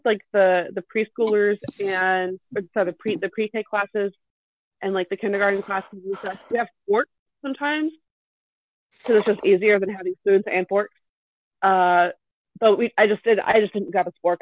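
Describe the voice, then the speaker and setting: A woman telling a rambling story in casual podcast chat, animated and full of restarts. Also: medium pitch, moderate pace. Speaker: kindergarten teacher. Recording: dry, tinny phone-like sound.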